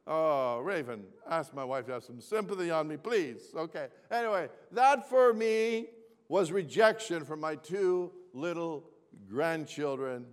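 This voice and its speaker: A man's voice: on the high side, slow pace. An older man telling a humorous personal story to a gathering, often repeating his phrases and asking the audience to answer back. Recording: long reverb of a large hall.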